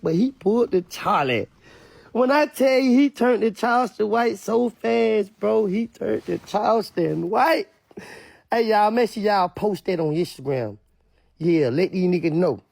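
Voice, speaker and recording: A man giving casual street commentary to camera, animated and repetitive, sometimes mimicking others in a high voice. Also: gravelly, no echo.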